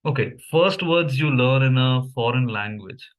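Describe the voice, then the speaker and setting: A man's voice: mid-range voice, lively intonation, moderate pace. A young man from India with an Indian English accent, whose first language is Malayalam, musing casually with many fillers and restarts. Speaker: language vlogger. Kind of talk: casual commentary reviewing memes.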